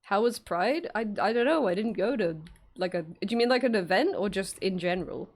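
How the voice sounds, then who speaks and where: A woman's voice: medium pitch, lively intonation, a little fast. A young woman streaming while she draws, chatting casually, giggling, swearing freely and answering her chat.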